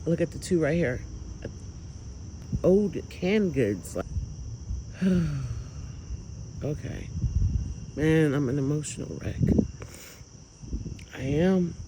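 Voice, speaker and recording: A man filming outdoors at night, talking to viewers in an emotional, awed, exclaiming way with drawn-out words. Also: on the high side, animated, mellow, a little hiss or hum, rough recording. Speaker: vlogger filming lights at night. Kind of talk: excited casual commentary to viewers.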